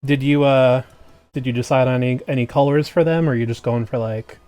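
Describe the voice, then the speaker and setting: Male streamer, casual and joking, mid-pitched, close dry desk mic. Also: steady tone, a little fast, warm tone, smooth, no echo. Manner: chatty and jokey, trails off and restarts. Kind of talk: casual chat with stream viewers. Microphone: desk microphone.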